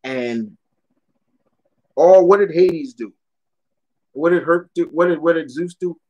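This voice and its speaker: A young man talks casually on a live stream, answering viewers with blunt, animated rants and frequent swearing. His voice sits a little higher than most men's. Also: takes it slowly, muffled recording. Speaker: streamer answering chat questions.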